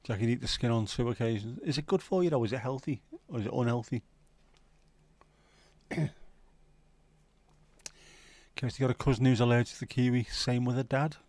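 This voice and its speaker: A man's voice: mid-range voice, moderate pace, long pauses, darkish tone, no room sound. A man hosting a livestream, chatting casually and cheekily with viewers and reading out their comments by name. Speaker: livestream host.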